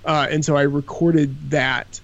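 A man's voice: a little high, flat delivery, unhurried, vocal fry, muffled recording. A man guesting on a podcast, talking casually in a rambling, self-deprecating way with many fillers.

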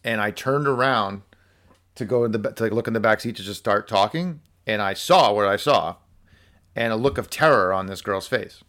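A man telling a workplace story in casual conversation, animated and full of fillers like "like" and "so". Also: fairly low pitch, normal speed. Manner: animated storyteller acting out quotes, many fillers. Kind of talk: casual podcast chat.

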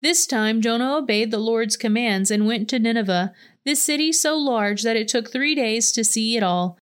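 Female reader for Bible narration, smooth and clear, slightly high. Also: moderate pace. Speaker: scripture reader. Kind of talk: scripted Bible reading.

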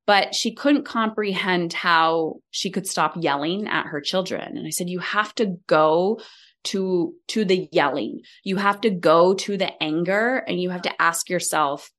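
Her voice sits on the low side and she takes her time. She's a middle-aged leadership coach chatting as a guest on a podcast interview, bringing her stories to life by performing the lines she quotes.

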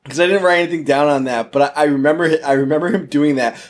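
A man co-hosting a podcast, chatting casually about a movie, laughing and swearing as he agrees. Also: a little high. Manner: laughing, profane, quick agreeing interjections. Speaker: podcast co-host. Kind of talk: casual movie review chat.

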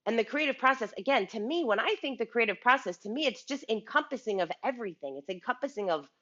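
A woman's voice: fairly high pitch, animated, fast talker, a bit bright, muffled recording. A woman giving a casual motivational talk, chatty, often restarting words and checking in with the listener. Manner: chatty, repeats words and asks the listener "right?". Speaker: speaker on a business show.

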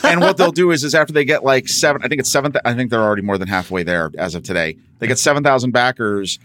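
A man co-hosts a casual podcast, speaking in a mid-pitched voice with plenty of rise and fall. He lays out details step by step in a wry, easygoing way. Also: expressive, fast talker, fairly bright tone. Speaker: podcast co-host. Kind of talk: casual chat.

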